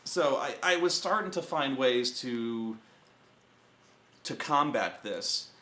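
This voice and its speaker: A man hosting a show, telling a tabletop gaming story in a casual, profane rant and acting out the players in loud bursts. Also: mid-range voice, slow pace, echoey room. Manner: profane, animated, acts out players and himself in shouted bursts.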